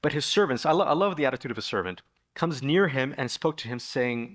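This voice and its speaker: A man preaching a sermon in a church, retelling a Bible story in a lively way and raising his voice to act out the people in it. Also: fast. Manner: animated storytelling, acting out the figures with sudden raised pitch. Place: church sanctuary.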